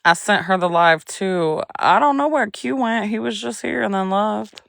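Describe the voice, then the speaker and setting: A woman's voice: medium pitch, normal speed, creaky, fairly bright tone, no room sound, clean studio sound. A young woman hosting a casual livestream, chatting with viewers in a drawling, chatty way and humming to herself between remarks. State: pregnant. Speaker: livestream host.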